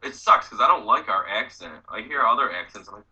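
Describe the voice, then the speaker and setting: A man's voice: fairly low pitch, animated, fast talker, bright, forceful tone, slightly rough, muffled recording. A man co-hosting a podcast, chatting casually, joking around and swearing freely as he riffs on silly ideas. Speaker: podcast co-host. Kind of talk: casual chat.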